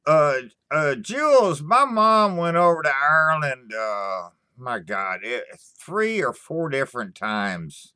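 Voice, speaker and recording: A man hosting a livestream, chatting casually with viewers in a halting, stammering way, swearing often and sighing between thoughts. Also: fairly high pitch, big pitch swings, pushed and bright, smooth, no room sound, clean studio sound. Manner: slow, sighing storytelling. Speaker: livestream host answering chat. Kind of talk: casual rambling chat.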